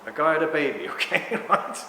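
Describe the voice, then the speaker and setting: A man in his sixties speaks to a live audience, rambling and animated, ranting and then apologizing for it. His voice sits a little high. The sound is roomy, with a long hall reverb and faint background noise. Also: brisk. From England. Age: 60s. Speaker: speaker at a talk.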